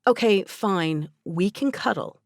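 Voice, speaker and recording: A woman's voice: mid-range voice, animated, slow, dry recording, clean studio sound. Woman voicing an eager teenage girl. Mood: insistent. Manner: enthusiastic, emphatic.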